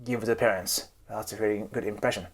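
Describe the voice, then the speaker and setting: This cultural coach and YouTube host has a fairly low voice, fairly even intonation, and a Japanese accent, and talks fairly quickly. Addressing the camera with casual, emphatic advice, he keeps asking "right?" and "okay?".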